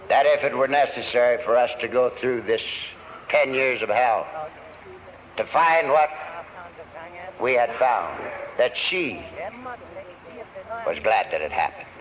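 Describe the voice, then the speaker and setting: A man speaking at a recovery meeting, telling his story in an earnest, deliberate way. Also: medium pitch, animated, fairly bright tone, slight background noise. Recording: old lo-fi tape recording.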